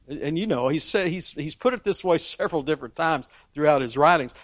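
A male preacher with a fairly high voice, delivering a sermon in an emphatic way. He swings from loud peaks down to quiet asides and often restarts his phrases. The sound is dry and close. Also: lively intonation, a little fast, no room sound.

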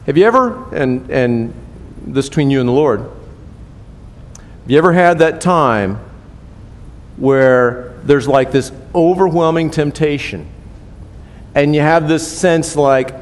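A man's voice: a little high, takes it slowly, pauses often. An older man preaching a sermon in a conversational way, often asking the congregation questions and tagging his points with "right?". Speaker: pastor. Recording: long hall reverb.

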